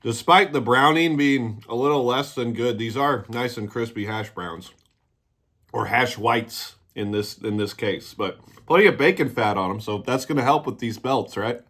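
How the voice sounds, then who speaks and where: A man's voice: medium pitch, moderate pace, fairly bright tone. A man hosting his own review vlog, talking casually and joking as he eats. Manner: joking, irreverent. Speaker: cannabis reviewer.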